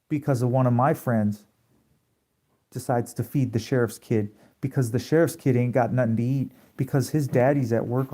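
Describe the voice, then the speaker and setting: A man's voice: mid-range voice, dark tone. Man ranting on a late-night livestream. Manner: confrontational, preachy, profane, rhetorical questions. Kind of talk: late-night rant to a live audience. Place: at home at night.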